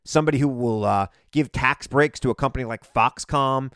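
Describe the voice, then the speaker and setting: A man hosting a political podcast, talking in an animated, emphatic solo monologue and repeating phrases for punch. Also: medium pitch, moderate pace, clean tone, dry recording, studio quality.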